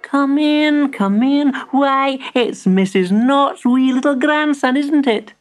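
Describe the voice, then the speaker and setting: A woman voicing a jolly male shopkeeper who likes to tease, speaking slowly. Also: sits high, faint music behind, pitched above the performer's own voice. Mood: teasing, jolly. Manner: slow, drawn-out, chuckling teasing. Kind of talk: storybook voice acting.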